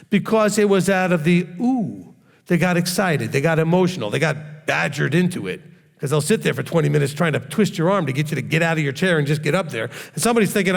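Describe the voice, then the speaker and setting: A middle-aged man, a rabbi, giving a conversational sermon and joking with his congregation. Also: high-pitched. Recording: long hall reverb.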